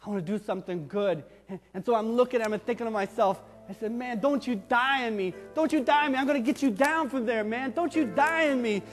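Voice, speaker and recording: A man acting out a tough, streetwise ex-criminal who tells his story in coarse, colloquial speech, lurching from booming outbursts to near whispers. The voice sits high for a man. It rings through a church sanctuary with a long echo and faint music underneath. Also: fast talker, few pauses, natural voice. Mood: impassioned. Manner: coarse colloquial talk, swinging from loud outbursts to hushed tones. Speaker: pastor. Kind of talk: first-person dramatic monologue in a sermon.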